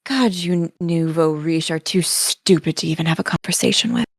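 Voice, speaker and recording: A woman's voice: deep voice, normal speed, breathy edge, no room sound, clean studio sound. A woman voicing a haughty, scheming noblewoman who sneers at newcomers, in a tabletop role-play. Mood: scornful. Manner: scornful, sneering, imperious. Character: haughty scheming noblewoman Lucinda, middle-aged.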